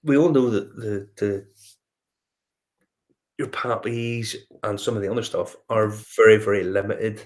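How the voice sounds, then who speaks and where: Northern Irish man, lowish voice, casual rambling host chat with lots of ums. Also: fairly even intonation, a little slow, long pauses. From Northern Ireland. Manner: rambling anecdotal storytelling with many fillers and restarts. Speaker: whiskey review host.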